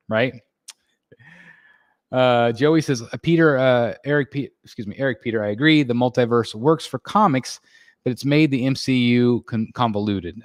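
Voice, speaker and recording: A man from the United States hosting a casual live stream, reading out chat and chatting in a relaxed way full of fillers and restarts. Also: mid-range voice, no echo, studio quality. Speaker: livestream host reading chat. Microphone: desk microphone.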